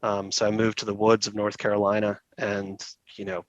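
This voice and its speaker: A middle-aged man telling stories as a guest in an interview, relaxed and chatty, laughing often and acting out the people he quotes. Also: lowish voice, brisk, dry recording, dull audio. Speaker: saxophone repair technician, guest. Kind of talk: casual storytelling interview.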